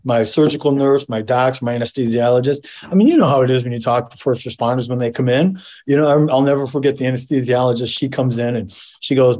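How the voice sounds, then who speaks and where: A man's voice: medium pitch, quick pace, darkish tone. A middle-aged man, a medically retired police officer, telling his story as an interview guest in a rambling, casual way with frequent repeats and salty language.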